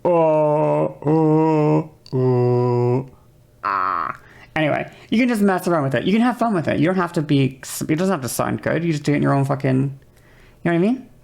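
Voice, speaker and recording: A woman with a low, gravelly voice talks casually on a stream, rambling and profane as she explains things. She keeps checking in with her listeners between points. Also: expressive, quick pace, darkish tone. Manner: rambling, profane, repeats okay often; demonstrates voice changes with whispery and high vocal sounds.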